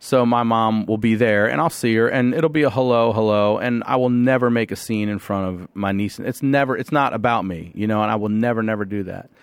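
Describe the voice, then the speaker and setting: Low-voiced man telling stories bluntly. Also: a little fast, few pauses, clear, resonant tone, no echo. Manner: animated, swears freely, acts out quotes with jumps in pitch. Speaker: podcast guest. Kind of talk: candid conversational storytelling. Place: podcast studio.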